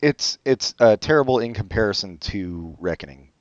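A man co-hosting a podcast in casual chat, joking in a sarcastic, deadpan way. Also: lowish voice, normal speed, dry recording, dull audio. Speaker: podcast co-host.

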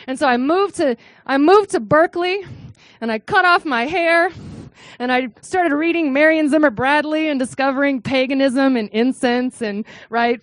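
A woman from the US Midwest giving an animated academic talk to an audience, with frequent "right?" asides and excited acted-out quotes. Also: normal speed, no room sound. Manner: acts out quotes in a high excited voice. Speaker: lecturer.

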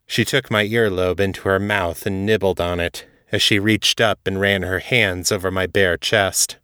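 A man reading his own first-person fiction as a podcast host, steady and matter-of-fact. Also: low-pitched, a little slow, clear, resonant tone, no room sound, studio quality. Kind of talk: first-person story narration.

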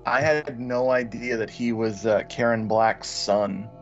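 A man's voice: medium pitch, fairly even intonation, unhurried, muffled recording, soft background music. A man co-hosting a casual movie review chat who shares trivia with enthusiasm and stumbles on his words. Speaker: podcast co-host reviewing a movie.

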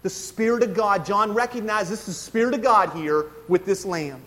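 A man's voice: high voice, normal speed, sharp tone, long reverb tail. A man preaching a sermon, explaining scripture with frequent asides and questions to his congregation. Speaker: pastor.

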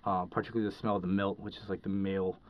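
A man's voice: deep voice, level tone, very fast. A man, a podcast guest, telling a story in casual, rambling talk full of fillers and restarts. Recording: dull lo-fi recording.

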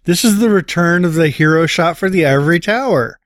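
A man hosting a casual podcast, playful and often chuckling. His voice is mid-pitched and recorded dry and close, with no room sound. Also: brisk, no echo. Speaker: podcast host.

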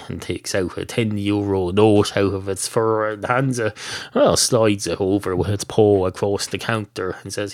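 A man's voice: fairly low pitch, moderate pace, no echo. Rambling Irish man telling a comic tale. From Ireland. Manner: rambling, deadpan, self-correcting. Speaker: podcast host.

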